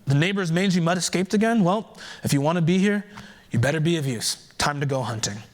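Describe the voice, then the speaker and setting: A man doing a blunt, gruff farmer. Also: fairly high pitch, animated, brisk, close to an everyday voice. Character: gruff practical male farmer.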